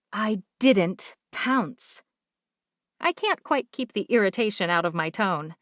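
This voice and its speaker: A woman narrating a first-person audiobook with a measured, even delivery. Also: lowish voice, no echo, studio quality.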